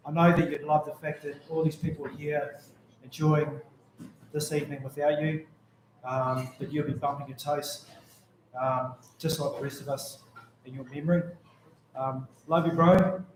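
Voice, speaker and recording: A man's voice: fairly high pitch, little pitch movement, normal speed, a little hiss or hum. New Zealand man telling jokey memorial stories. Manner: rambling, jokey anecdotes. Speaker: mourner giving a tribute. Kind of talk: memorial speech. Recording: very echoey room.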